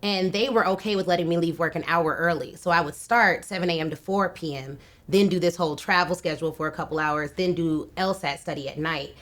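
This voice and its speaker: A woman's voice: lowish voice, brisk, hardly any pauses. A woman in her thirties, a podcast guest, telling stories in a casual interview with lots of energy and frequent laughter. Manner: energetic storyteller, laughs often.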